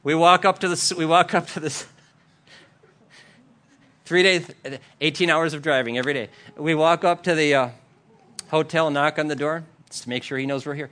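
Pastor, male, animated storyteller from the pulpit, acts out quotes and laughs. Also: a little high, brisk. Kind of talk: storytelling sermon.

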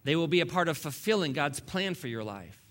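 A man's voice: on the high side, sing-song, a little fast, a bit bright. A man preaching a sermon as pastor, emphatic and fond of repeating key lines, with wry asides to the congregation.

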